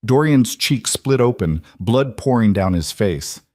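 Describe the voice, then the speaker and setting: A man narrating a crime story in a measured, tense scripted read. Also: on the low side, expressive, a little mellow, no room sound, studio quality.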